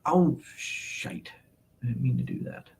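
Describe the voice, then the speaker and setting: A man's voice: medium pitch, a little slow, vocal fry, a little mellow, slight background noise. Male streamer, casual rambling host who reads chat aloud and chuckles a lot. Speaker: livestream host. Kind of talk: casual chat reading viewer comments.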